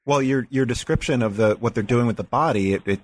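A man's voice: mid-range voice, fast talker, dry recording. A man interviewing a guest, asking careful questions with restarts and clarifications. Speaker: interviewer host.

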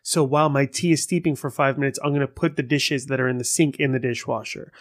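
A man hosting a casual solo podcast, rambling and swearing as he tells stories in an animated way. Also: mid-range voice, fast talker. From Persian heritage. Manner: rambling, profane, animated storytelling. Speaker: podcast host.

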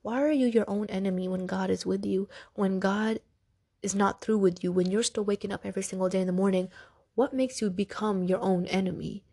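A woman talks straight to her listeners in a podcast, earnest and pressing, stacking short repeated phrases. Her voice is warm and mellow with a breathy, husky edge. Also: mid-range voice, steady tone, brisk. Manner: earnest, repetitive, exhortative. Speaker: podcast host. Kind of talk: motivational religious podcast talk.

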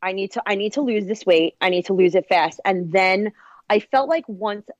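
A woman's voice: mid-range voice, no room sound, dull audio. Long island woman chatting on a podcast, says like all the time, dry close sound. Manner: fast, says "like" a lot, laughs at herself. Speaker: podcast guest. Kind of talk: casual chat.

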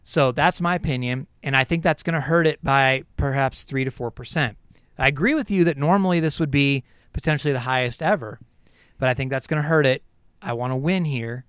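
Man, podcast co-host, casual chat, animated, smooth voice, dry recording. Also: mid-range voice, fairly quick, no room sound. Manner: animated, mocks critics in exaggerated voices.

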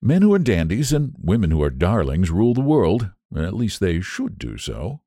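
A man voicing a flamboyant male painter who speaks in loud, exclamatory bursts. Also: low-pitched, wildly swooping pitch, normal speed, no echo, studio quality, exaggerated voice. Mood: exuberant. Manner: exclamatory, grandly teasing.

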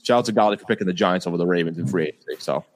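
A man with a very deep voice talks sports in a casual chat. He gets animated and repeats himself, tossing in filler words as he argues his side. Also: rapid-fire. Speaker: co-host.

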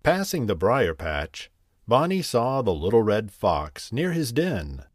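A man narrating a bedtime story, gentle and very slow. His voice sits fairly low but moves through lively swings in pitch. The sound is dry and close, with no room around it. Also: no room sound. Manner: gentle, unhurried, expressive reading.

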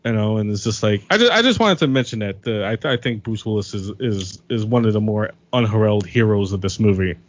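A man's voice: on the low side, lively intonation, brisk, few pauses, dull audio. A man on a podcast panel talking about films, rambling and profane, full of "you know"s. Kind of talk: casual film-discussion chat.

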